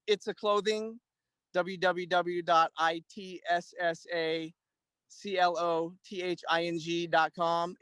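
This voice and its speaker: A man in his thirties speaks as an interview guest, relaxed and rambling with plenty of fillers and restarts. His voice sits high for a man and comes through smooth and resonant. The sound is dry and close, with no room around it. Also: dry recording. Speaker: guest, Army veteran and clothing-line owner. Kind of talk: casual interview conversation.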